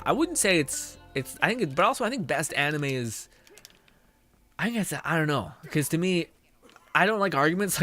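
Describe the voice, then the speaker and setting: A young man streams a game while chatting casually with viewers, rambling, swearing often, and laughing between phrases. His voice is a little high and a bit bright.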